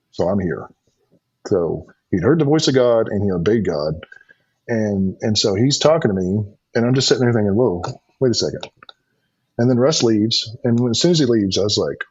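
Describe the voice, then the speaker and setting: Deep husky man telling his story. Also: a little mellow, no echo. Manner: earnest, storytelling, frequent restarts and ums. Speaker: podcast guest. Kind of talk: personal testimony in conversation. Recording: dull lo-fi sound.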